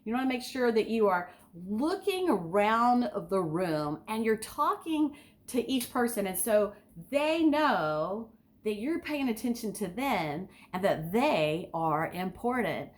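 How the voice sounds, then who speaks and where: An enthusiastic woman giving an instructional talk as a speaking coach, asking her listeners direct questions. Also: mid-range voice. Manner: enthusiastic, sometimes overly excited.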